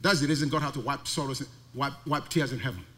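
A man's voice: mid-range voice, steady tone, fast, fairly bright tone. A male pastor preaching a sermon, emphatic and full of rhetorical questions. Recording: long reverb of a large hall.

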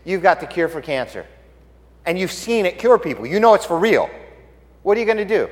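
Pastor, male, lively high voice, dramatic hushed-to-loud delivery, reverberant church hall. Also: fairly quick, pauses often. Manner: animated storytelling, swinging from hushed to loud. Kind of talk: sermon.

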